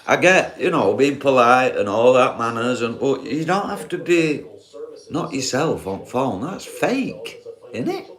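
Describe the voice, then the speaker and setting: A man's voice: medium pitch, big pitch swings, measured pace, a bit bright. Chatty Yorkshire man, rambling and sweary. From Yorkshire, England. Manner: rambling, swears freely, keeps asking viewers questions. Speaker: livestreamer. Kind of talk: casual live-stream chat.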